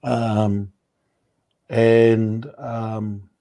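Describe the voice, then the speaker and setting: A man talking in a relaxed, thoughtful way during a casual discussion, pausing often with fillers. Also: fairly low pitch. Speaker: panel speaker.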